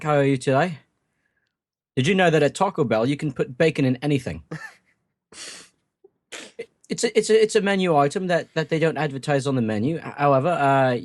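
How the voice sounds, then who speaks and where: A man's voice: mid-range voice, animated, fairly quick, dry recording, studio quality. A man on a podcast, talking in a jokey, stiff, formal announcer manner. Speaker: podcast guest. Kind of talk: casual chat.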